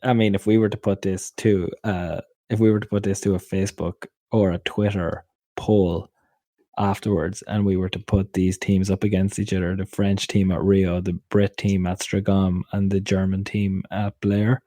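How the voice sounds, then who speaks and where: A man's voice: sits low, flat delivery, normal speed, warm tone, no echo, clean studio sound. A man co-hosting a podcast in casual, teasing banter. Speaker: podcast co-host.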